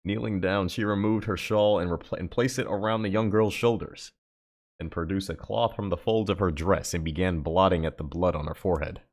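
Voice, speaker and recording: Deep-voiced man reading a story aloud. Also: fairly even intonation, a little fast. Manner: occasional stumbles and self-corrections. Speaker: streamer reading a novel aloud. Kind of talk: dramatic book reading on stream.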